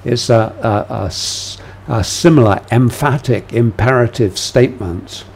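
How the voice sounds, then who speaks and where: A man teaching a lecture on a biblical book, measured and full of "uh" fillers. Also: mid-range voice, darkish tone, slightly rough. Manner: gives quoted commands with raised force. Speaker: Bible teacher.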